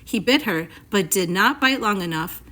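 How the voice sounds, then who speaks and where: A woman reading a classic story aloud for students in a clear, expressive, measured way. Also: mid-range voice.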